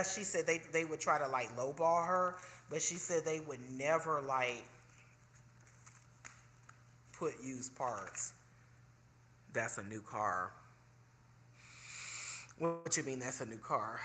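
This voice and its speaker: Animated vlogger in echoey room. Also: mid-range voice, slight background noise. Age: 40s. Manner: animated and indignant, chatty. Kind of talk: casual venting to viewers. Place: indoors, self-filming.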